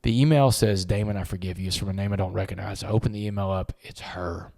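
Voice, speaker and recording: A middle-aged man, a podcast guest, telling an emotional story in an earnest, halting way and often repeating words when moved. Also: sits low, steady tone, creaky, a little mellow.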